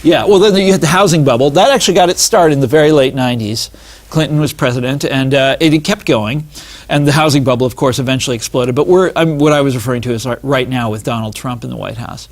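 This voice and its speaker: A man talking as an author and interview guest, animated and digressive, with many asides and restarts. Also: medium pitch, quick pace. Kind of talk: casual interview talk.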